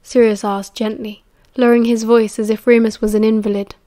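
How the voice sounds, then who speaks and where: A woman with a British accent reading an audiobook in a calm, measured way. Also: on the high side. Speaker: audiobook narrator. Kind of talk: audiobook narration.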